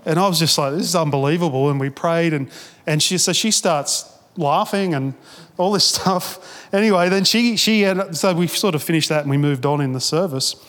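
Guy pastor preaching, chatty storyteller, kinda high voice, long hall echo. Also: normal speed, a bit bright. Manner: casual, chatty storytelling with many restarts and acted-out quotes. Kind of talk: sermon storytelling.

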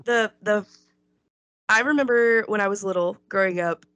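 A podcast co-host chatting in a giggly, relaxed way. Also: mid-range voice, moderate pace, dry recording. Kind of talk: casual podcast chat.

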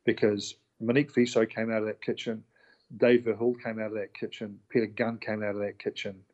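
Speaking a little fast in a lowish voice on a muffled recording, this middle-aged chef who owns a restaurant recounts stories openly in a relaxed interview. He performs the quoted voices with animation and drops the occasional swear word.

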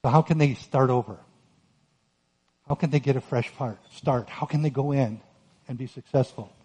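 A man preaching a sermon on Scripture, earnest and emphatic, rising to forceful peaks. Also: medium pitch, normal speed, breathy edge. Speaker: pastor.

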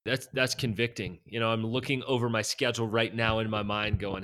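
A man's voice: on the low side, fairly even intonation, a little fast, pushed and bright. A man hosting a podcast interview, chatty and asking practical questions. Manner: conversational, asks practical questions. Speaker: podcast host.

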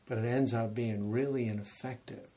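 A man preaching a sermon, retelling scripture as animated storytelling and acting out the quoted lines with rising intensity. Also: medium pitch, moderate pace.

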